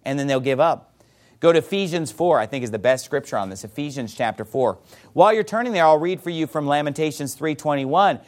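A man preaching a sermon in a high voice that swings widely up and down. He drives his points hard and fires rhetorical questions at the congregation. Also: expressive, fairly quick. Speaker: pastor.

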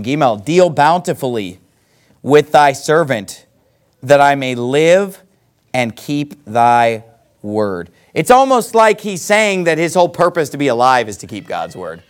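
A middle-aged man preaching a Bible sermon, reading scripture slowly and then explaining it in a folksy, emphatic way. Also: fairly high pitch.

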